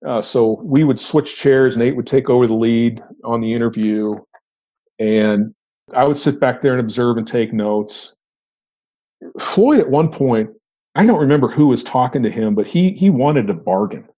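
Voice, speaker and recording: A man's voice: mid-range voice, moderate pace, warm tone, highs cut off. A middle-aged man, a retired federal agent, recounting an old case in conversation, often restarting and repeating words. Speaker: retired FBI agent, podcast guest.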